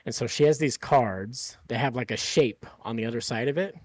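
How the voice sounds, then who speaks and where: A man's voice: mid-range voice, moderate pace, dry recording. A man hosting a podcast, chatting casually in a rambling way with lots of fillers and swearing. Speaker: podcast host.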